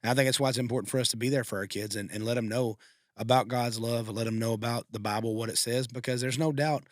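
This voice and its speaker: A man's voice: medium pitch, steady tone, fast, no echo, clean studio sound. A man co-hosting a podcast, telling a heartfelt personal story in a rambling, emotional way with many restarts. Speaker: podcast co-host. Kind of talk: casual storytelling.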